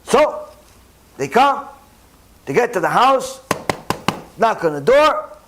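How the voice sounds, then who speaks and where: Animated high-voiced rabbi preaching. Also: male voice, takes it slowly, noisy background. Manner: animated, rising in pitch and volume at key points. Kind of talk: sermon storytelling.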